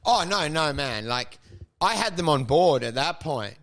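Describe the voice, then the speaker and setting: Bright-voiced young man telling crude stories. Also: fairly high pitch, lively intonation, a little slow. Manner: profane, mocking, acts out other people's lines. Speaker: podcast co-host. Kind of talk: crude comedic storytelling.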